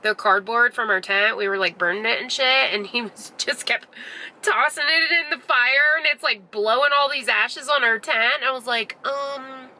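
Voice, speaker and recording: A young woman vlogger chatting through a long story in a bright, sharp voice with a gravelly edge. She rambles and swears casually, leaning on "like" in nearly every line. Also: fairly high pitch, normal speed, rough recording. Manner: chatty, profane, full of "like" fillers. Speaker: beauty vlogger.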